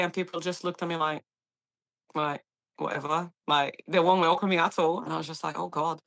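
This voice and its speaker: Bright, animated Brazilian woman storyteller. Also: deep voice, fairly quick, creaky. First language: Portuguese. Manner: animated storyteller, acts out quoted voices, laughs often. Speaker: paramedic guest. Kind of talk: casual interview chat.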